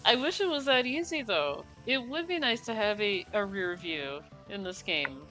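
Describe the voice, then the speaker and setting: Playing a racing game on stream with game music behind her, this young streamer rambles through casual chat full of fillers, laughing and apologizing a lot. She has a mid-range, animated voice at a moderate pace, captured in poor audio.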